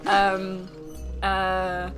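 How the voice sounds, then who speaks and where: Slow-talking playful woman. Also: mid-range voice, monotone, fairly bright tone. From United Kingdom. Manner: playful, giggly, silly bits of accents. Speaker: streamer co-host. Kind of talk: casual gameplay chat. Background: game music.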